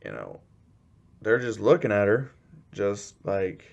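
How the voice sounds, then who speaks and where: A man's voice: fairly low pitch, huge pitch swings, slow pace, gravelly, pauses often, muffled recording. A man casually retelling a fan-fiction story, rambling and filling gaps with "you know".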